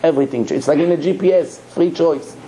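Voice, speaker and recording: Male rabbi preaching through a story, animated delivery, mellow, slightly high voice. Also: fast, poor audio. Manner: animated, swings between low asides and sudden high exclamations. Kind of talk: storytelling sermon.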